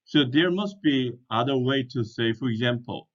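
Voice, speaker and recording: A man teaching in a slow, deliberate way, spelling words out letter by letter and speaking. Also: medium pitch. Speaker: English teacher. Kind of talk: slow explanatory language lesson. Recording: dull lo-fi recording.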